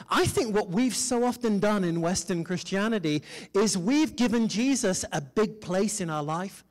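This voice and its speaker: A man preaching a sermon in a church, leading the congregation in call-and-response with self-deprecating humor. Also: high-pitched. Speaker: pastor.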